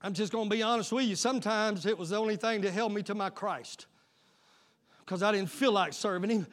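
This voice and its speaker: A middle-aged male pastor preaching a sermon, swinging from hushed asides to shouted call-and-response. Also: high-pitched, a little fast. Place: church sanctuary.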